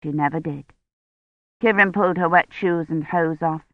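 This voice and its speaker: A woman narrating a novel in a calm, measured reading voice. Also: low voice, dry recording. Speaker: audiobook narrator. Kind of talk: scripted narration. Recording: dry, tinny phone-like sound.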